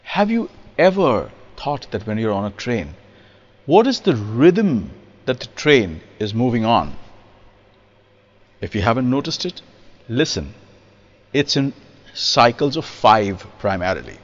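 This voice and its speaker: A man giving a spoken music lesson on rhythm, lively and demonstrative, acting out examples and reciting verse in a studio. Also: mid-range voice, measured pace, long pauses, big-room sound, lo-fi sound. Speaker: percussionist explaining rhythm.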